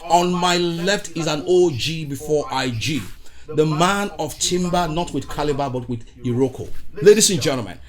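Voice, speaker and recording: A man's voice: a little high, moderate pace. Hyped Nigerian man hosting a podcast. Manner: showy, exuberant, mixes in Nigerian Pidgin. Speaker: podcast host. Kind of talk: hype podcast intro. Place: recorded studio in Ottawa.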